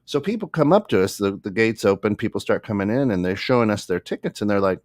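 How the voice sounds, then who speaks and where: A man's voice: lowish voice, fast, hardly any pauses, dry recording. Laughing man telling a story, dry sound. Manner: animated, laughing, acts out voices in anecdotes. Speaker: podcast co-host. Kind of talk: casual storytelling. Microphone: studio microphone.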